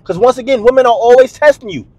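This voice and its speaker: A man's voice: very high-pitched, quick pace, a little mellow, dry recording. A man hosting a dating advice video, talking bluntly and emphatically to camera in a slangy, repetitive way. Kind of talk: direct-to-camera advice monologue.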